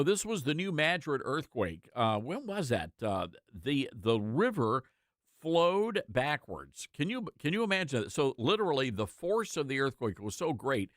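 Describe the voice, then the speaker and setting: A man's voice: mid-range voice, fairly bright tone, no room sound, studio quality. A man hosting a talk show, chatting casually and joking with laughing asides. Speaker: host.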